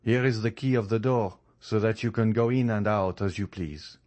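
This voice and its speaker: A man's voice: fairly low pitch, moderate pace, darkish tone, lightly acted. A man reading an audiobook who voices a grieving father in a formal, restrained manner.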